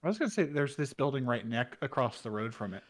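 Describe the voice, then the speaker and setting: A man's voice: mid-range voice, big pitch swings, fast. A man playing a tabletop game, chatting in an eager way. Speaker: player.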